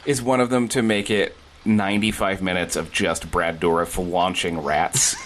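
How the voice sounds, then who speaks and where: A man co-hosting a podcast, agreeable and quick to laugh, trading jokes in casual chat. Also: low-pitched, steady tone, fairly bright tone, a little hiss or hum. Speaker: podcast co-host.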